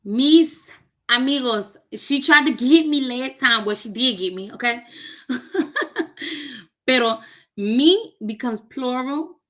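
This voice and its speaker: A woman's voice: high-pitched, lively intonation, a little slow, fairly bright tone. A woman learning a language on camera, chatting casually and joking with her viewers. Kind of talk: casual chat while doing a recorded lesson.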